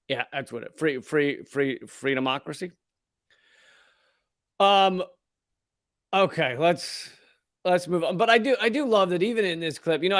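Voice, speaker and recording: A man's voice: a little high, fairly bright tone, no room sound, clean studio sound. A male comedian hosting his show, ranting with profanity and sarcastic mockery. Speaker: comedian host. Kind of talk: ranting political commentary.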